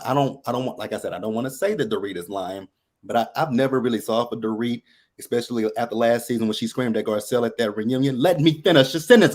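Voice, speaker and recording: A man calling in to a talk show, chatting casually and making his points emphatically with a string of rhetorical questions. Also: mid-range voice. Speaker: caller. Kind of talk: casual chat.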